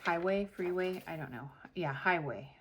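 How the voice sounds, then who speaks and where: A woman's voice: on the low side, moderate pace, slight background noise. A woman in her forties telling a long story in a chatty vlog, acting out the dialogue as she quotes it. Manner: animated, retells with quoted dialogue. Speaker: planner vlogger.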